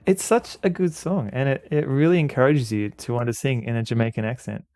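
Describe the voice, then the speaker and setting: A man's voice: mid-range voice, brisk, darkish tone, no room sound. A man streaming a video game, chatting casually and joking at his own expense, often stammering and repeating words. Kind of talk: casual gameplay commentary.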